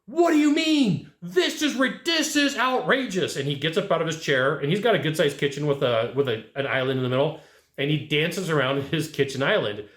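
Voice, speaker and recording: A man coaching salespeople in an animated way, acting out his customers' lines as he goes. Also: on the high side. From California. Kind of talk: energetic coaching monologue. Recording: roomy echo.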